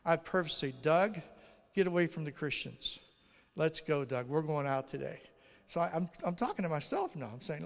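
A male pastor delivers a sermon full of stories, jumping into other people's voices as he acts out each exchange. His voice is gravelly and sits a little high, and it rings with the long reverb of a big hall. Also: fairly quick. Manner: animated, acts out dialogue in raised voices. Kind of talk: sermon with storytelling.

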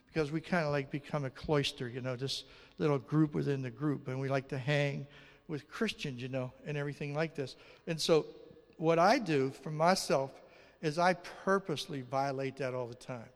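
A male pastor delivers a sermon full of stories, jumping into other people's voices as he acts out each exchange. His voice is gravelly and sits a little high, and it rings with the long reverb of a big hall. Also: normal speed. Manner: animated, acts out dialogue in raised voices. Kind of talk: sermon with storytelling.

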